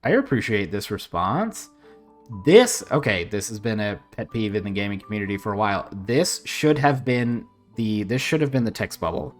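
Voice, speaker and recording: A streamer casually commenting on a game while reading its text aloud, blunt and quick to swear and laugh. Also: mid-range voice, sing-song, faint music behind. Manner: blunt, swears, laughs, reacts loudly to choices.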